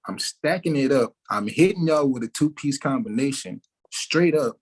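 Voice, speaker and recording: A man, a musician giving an interview, talking in a relaxed way with many fillers like "like" and "you know". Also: medium pitch, moderate pace, slightly rough, low-quality recording. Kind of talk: casual interview talk.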